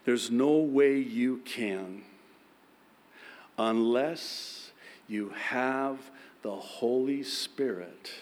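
A man's voice: on the low side, a little mellow, in a large hall. A male pastor preaching a sermon and telling self-mocking stories, acting out the people in them. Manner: self-deprecating storytelling, acts out quotes.

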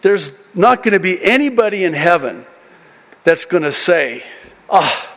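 A man in his forties preaching a sermon as pastor, lively and animated, rising high and loud as he gets excited. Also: moderate pace. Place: church sanctuary during a service. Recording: long reverb of a church hall.

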